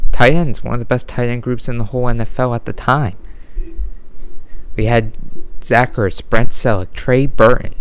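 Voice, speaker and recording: A man's voice: lowish voice, smooth. A man ranting unscripted at home late at night, frustrated and rambling, often stopping to restart his sentences. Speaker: sports vlogger. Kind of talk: unscripted rant.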